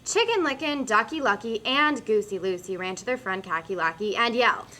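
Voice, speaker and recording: A young woman student narrating a silly storybook in a playful, expressive reading style. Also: fairly high pitch, a little fast, heavy background noise. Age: young adult.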